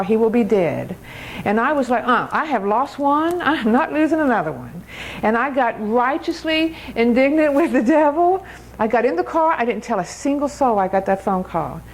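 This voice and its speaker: An older woman giving an emphatic testimony sermon at a church, laughing often and slowing down on key phrases. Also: a little high, a little hiss or hum, rough recording. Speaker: speaker at a church.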